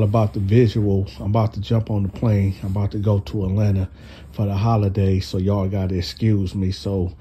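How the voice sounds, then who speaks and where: A man hosting a casual storytime, retelling in an animated, slangy way. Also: fairly low pitch, slight background noise. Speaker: storyteller, channel host.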